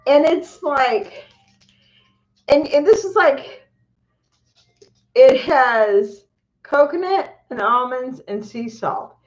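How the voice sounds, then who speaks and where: A woman's voice: high voice, expressive, slow, long pauses, soft background music. A middle-aged woman chatting casually on a live stream at home, talking to viewers and her pets, recorded on a phone or camera mic. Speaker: vlogger. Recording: echoey room, dull lo-fi sound.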